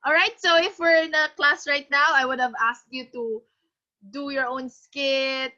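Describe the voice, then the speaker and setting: High, slow-talking woman teacher. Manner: encouraging, animated, coaxing students. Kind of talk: online class instruction. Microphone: video call. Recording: muffled lo-fi online class audio.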